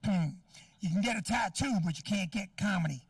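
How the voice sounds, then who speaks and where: A man's voice: high-pitched, animated, brisk, slightly rough, no echo, distant mic. A middle-aged man doing a stand-up set, ranting in a brash, profane way at the crowd. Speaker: stand-up comedian.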